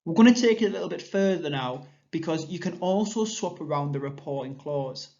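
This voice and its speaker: A man with an English accent, a primary school teacher giving a recorded grammar lesson, explaining patiently and clearly. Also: fairly high pitch, animated, fairly quick, a little mellow. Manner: clear, patient explanation, reading examples aloud with lifted voice. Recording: dull lo-fi sound.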